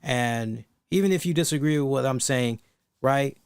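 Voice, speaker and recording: A man's voice: medium pitch, moderate pace, clear, resonant tone, no echo. A man hosting a wrestling review podcast, talking in a rambling, thinking-aloud way with blunt, casual swearing. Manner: rambling, thinks aloud with many restarts and asides. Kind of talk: casual solo commentary.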